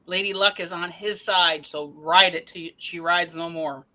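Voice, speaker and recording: Bright-voiced, playful female co-host. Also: lowish voice, steady tone, moderate pace. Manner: playful, short agreeing quips. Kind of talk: casual live-stream chat.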